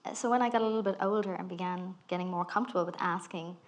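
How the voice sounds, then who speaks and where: Irish woman, about thirty, talk guest; brisk, animated, acts out her quotes. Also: lowish voice, a little hiss or hum. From Ireland. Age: 30s. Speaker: guest speaker. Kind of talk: live onstage conversation. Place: festival talk stage.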